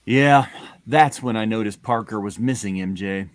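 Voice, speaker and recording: A man's voice: fairly low pitch, normal speed. A man reading a comic aloud, voicing a boastful young hero in a playful manner. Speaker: comic reader. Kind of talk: comic read-along, voicing a character.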